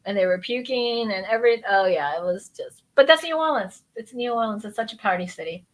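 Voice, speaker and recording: A woman's voice: on the high side, expressive, brisk. A woman from Philadelphia co-hosting a radio talk show, chatting casually and laughing often. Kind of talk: casual chat.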